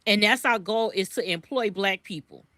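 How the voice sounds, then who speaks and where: A woman's voice: mid-range voice, normal speed, sharp tone, dry recording. A woman co-hosting a podcast, speaking in impassioned commentary, repeating words when worked up and swearing freely. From US East Coast. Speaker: podcast co-host.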